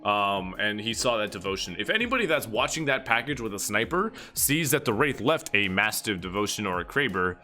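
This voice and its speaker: A man's voice: fairly low pitch, sing-song, a little fast, hardly any pauses, pushed and bright, faint music behind. A man streaming live, casually reviewing competitive match replays, rambling and swearing freely. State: getting out of breath.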